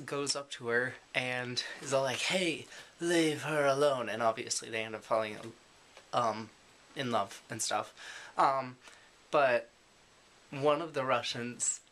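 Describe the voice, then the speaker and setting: A man's voice: mid-range voice, bright, forceful tone, slight background noise. A man chatting casually to the camera in a daily vlog, rambling with lots of fillers and self-deprecating asides. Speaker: vlogger.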